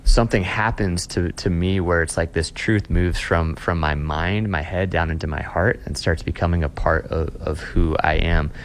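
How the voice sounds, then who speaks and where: A young man with a very low voice talks as a pastor in an interview. He sounds earnest and reflective, and he often restarts and repeats words as he works through his thoughts. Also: moderate pace, hardly any pauses, a little hiss or hum. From Austin, Texas. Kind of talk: conversational interview.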